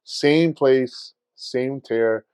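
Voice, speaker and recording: Profane, animated man telling stories. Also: mid-range voice, extremely slow, clear, resonant tone, no echo. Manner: profane, animated storytelling with shouted re-enactments. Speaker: podcast co-host. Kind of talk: casual chat.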